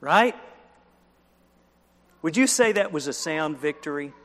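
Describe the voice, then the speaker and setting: A man's voice: on the high side, lively intonation, slow, fairly bright tone. A man preaching a children's sermon, telling a story with animation, acting out the characters and asking the listeners questions. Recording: long hall reverb.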